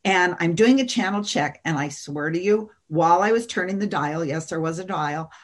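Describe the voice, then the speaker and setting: A middle-aged woman with a somewhat low voice tells a story with big, expressive swings and frequent laughter. She talks as an interview guest, and her delivery is dramatic and lively. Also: normal speed. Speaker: guest, author and seminar teacher.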